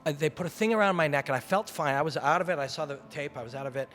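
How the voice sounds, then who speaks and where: Man from Canada, fairly high voice, intense and reflective, swears freely, candid interview storytelling. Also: racing, fairly bright tone, slight background noise. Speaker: MMA commentator and former fighter, interview guest.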